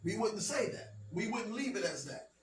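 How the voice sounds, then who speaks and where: A man's voice: high voice, animated, normal speed. Distant man teaching in echoey hall. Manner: patient, checks understanding with frequent "okay?". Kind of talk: classroom language lesson. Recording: roomy, distant, faint background noise.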